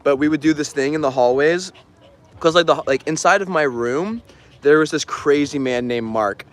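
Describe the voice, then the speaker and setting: A man's voice: a little high, normal speed. Rambling man telling stories on a stream. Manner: rambling, many fillers, laughs often. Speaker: artist streaming an auction. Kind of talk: casual livestream storytelling.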